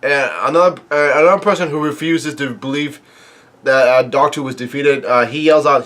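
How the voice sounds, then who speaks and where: A man casually retelling a comic chapter as a reviewer, halting often with fillers and restarts as he goes. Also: fairly high pitch, fairly even intonation, fairly bright tone. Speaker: manga reviewer.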